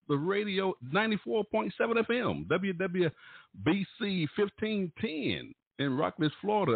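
A man hosting a gospel radio show, a showy, playful announcer with sudden jumps in pitch. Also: dry recording. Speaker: radio host. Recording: tinny, phone-like, dry sound.

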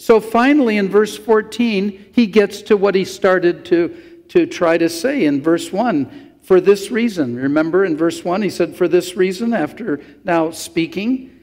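A man's voice: high voice, a little mellow. A man preaching a sermon as pastor, talking through the verses in a conversational way with asides to the congregation. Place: church sanctuary. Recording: long church hall reverb.

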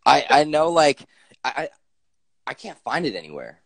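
A man fan joining a casual video call, talking lively and eager. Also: a little high, normal speed, vocal fry, breathy edge, dry recording. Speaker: fan guest. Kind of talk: casual group video chat.

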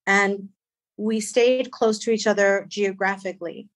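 A woman with a Persian accent, a guest on a podcast, speaking in a rambling, halting way. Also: medium pitch, steady tone. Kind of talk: casual podcast interview.

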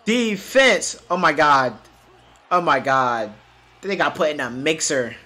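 A young man streaming his reaction to basketball highlights, hyped and slangy, repeating short catchphrases. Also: lively intonation, slow pace, sharp tone. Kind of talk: excited live reaction commentary.

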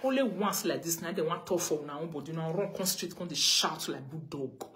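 A woman's voice: deep voice, expressive, normal speed, a bit bright. A woman with a Nigerian accent, ranting on a live video and scolding someone with the same pointed questions again and again. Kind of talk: confrontational live rant.

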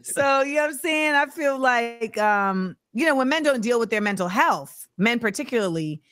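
A woman hosting a talk show in casual chat, animated, laughing and slipping into slang. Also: fairly high pitch, normal speed, no room sound, studio quality. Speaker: host.

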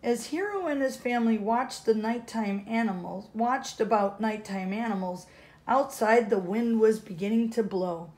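A woman's voice: fairly high pitch, normal speed, a little mellow. Woman reading a children's storybook aloud. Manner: casual, corrects herself aloud.

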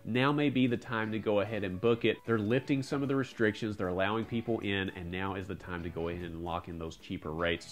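A man hosting a casual points-and-travel news roundup, upbeat and chatty, often checking in with "all right?". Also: on the low side. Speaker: host of a credit card and travel channel.

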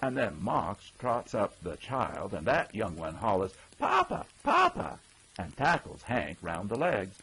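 A man with a low, husky voice tells an old-fashioned yarn in a folksy, easygoing way. His pitch rises and falls a great deal, and he slips into character voices as he goes. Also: animated, measured pace, few pauses, fairly bright tone, poor audio. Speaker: audiobook narrator. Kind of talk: scripted storytelling narration.

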